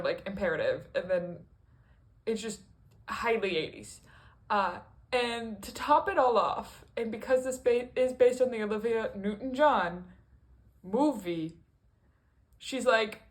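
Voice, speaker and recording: A woman talking through a musical in a casual review vlog, rambling and chatty with lots of fillers, restarts and playful asides. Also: fairly high pitch. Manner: rambling and chatty, with frequent fillers and self-corrections. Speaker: video creator.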